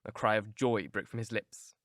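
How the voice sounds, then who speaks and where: A man reading a classic novel aloud in measured, expressive scripted narration on a close mic. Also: fairly low pitch, dry recording. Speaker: audiobook narrator.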